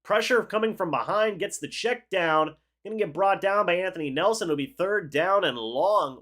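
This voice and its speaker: A young man hosting a live football reaction stream, calling the plays and chatting with viewers in an excitable, talkative way. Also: on the high side, normal speed, hardly any pauses. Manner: excitable, chatty, reads chat aloud and calls plays. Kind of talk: live game reaction with play-by-play and chat replies.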